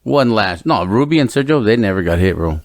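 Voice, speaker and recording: A man's voice: on the low side, expressive, a little fast, dry recording. A man in his thirties co-hosting a podcast, speaking in a laid-back, rambling way and laughing often. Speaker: podcast co-host. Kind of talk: casual chat.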